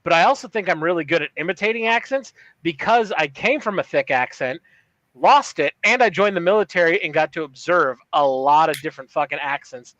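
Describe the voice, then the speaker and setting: A man's voice: on the high side, lively intonation, fairly quick, a bit bright, no echo, dull audio. A man in his forties, co-hosting a podcast, chatting casually and profanely, laughing often and slipping into accent impressions. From Upper Peninsula of Michigan. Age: 40s. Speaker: podcast co-host. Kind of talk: casual comedic banter.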